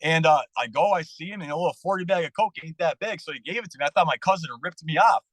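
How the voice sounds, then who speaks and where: A man with a fairly high voice tells his story as a podcast guest. He talks candidly and freely swears. The sound is close and dry. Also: quick pace, no room sound, low-quality recording. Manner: candid, profane and animated, acting out dialogue. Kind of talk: casual storytelling interview.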